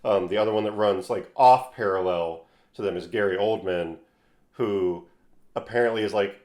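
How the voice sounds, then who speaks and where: A man co-hosting a podcast, casually retelling scenes from a film in quick bursts. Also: on the low side, darkish tone. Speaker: podcast co-host. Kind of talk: casual chat. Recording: echoey room.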